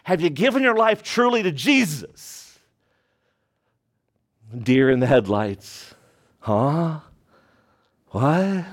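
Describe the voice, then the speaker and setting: A man delivers a sermon in a notably high voice for a man. His preaching is emphatic, rising to stress key points and then dropping to a hushed tone. He keeps asking the congregation rhetorical questions. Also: very animated, slow, pauses often. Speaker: pastor.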